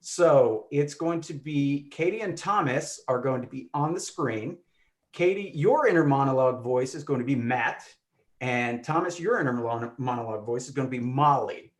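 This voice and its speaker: A man's voice: mid-range voice, expressive, normal speed. A man directing a live online improv comedy show, upbeat and full of fillers.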